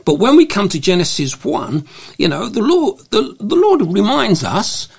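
A man with a slightly high, gravelly and husky voice talks through a faith topic as a guest. He is halting, often restarting and filling gaps as he goes. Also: huge pitch swings. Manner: hesitant, with many restarts and fillers. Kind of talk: conversational faith discussion.

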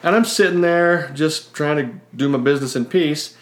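A man in his forties from Utah, co-hosting a podcast and telling a story in a casual, animated way with frequent laughs. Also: a little high, moderate pace, echoey room. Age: 40s. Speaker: podcast co-host.

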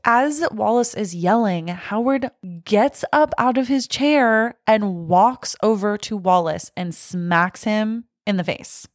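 A woman's voice: mid-range voice, takes it slowly, no room sound, studio quality. A woman co-hosting a podcast, casually recapping a horror film and acting out the characters' lines. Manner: retells scenes, acting out quotes. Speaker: podcast co-host.

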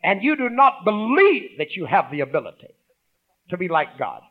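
A man preaching a sermon. He calls out to the congregation, swings from loud emphasis to hushed asides, and reads scripture aloud. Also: sits high, huge pitch swings, normal speed, phone-quality sound.

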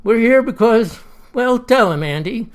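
A narrator voicing the solemn ghost of an old statesman who speaks in a measured, earnest way. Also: extremely high pitch, lively intonation, smooth, pitched above the performer's own voice.

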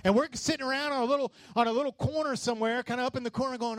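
A high-pitched man preaching with fiery passion, his voice climbing into shouts at the peaks. The sound is close and dry, with no room echo. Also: steady tone, racing, few pauses. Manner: passionate, rising to shouts on key lines. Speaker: pastor. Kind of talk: sermon.

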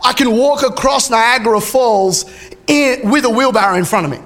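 A man's voice: extremely high pitch, moderate pace, fairly bright tone, pitched above the performer's own voice. A man voicing a bold male trapeze showman who challenges a crowd with coaxing questions, in a raised voice. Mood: challenging.

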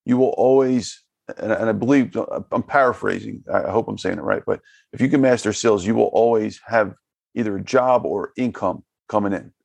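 Gravelly podcast host, dry sound. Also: male voice, on the low side, brisk, darkish tone, no echo. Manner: rambling, repeats words, summarizes guest's points. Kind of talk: podcast conversation.

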